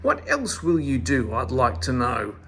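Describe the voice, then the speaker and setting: A man voicing Mother Hey-Ho, a fierce old woman who scolds and yells, in a storybook reading. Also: very animated, slow pace, gravelly, slight background noise, exaggerated voice. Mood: furious. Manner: yelling, shrill scolding. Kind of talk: storybook read-aloud.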